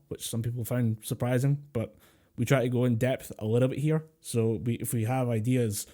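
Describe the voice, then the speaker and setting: Mellow-voiced Scottish man, sweary and jokey. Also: mid-range voice. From Scotland. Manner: sweary, jokey, laughs often. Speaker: podcast co-host. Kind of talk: casual chat. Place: home room over a voice call. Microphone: home mic over a voice call.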